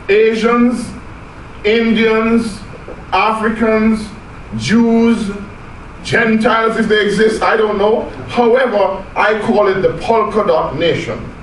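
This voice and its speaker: An animated Jamaican man speaks to a club audience in a high, lively voice, teasing them as he goes. He stands well back from the mic in an echoey meeting room. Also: recorded from a distance, a little hiss or hum. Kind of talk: public speech to a club audience.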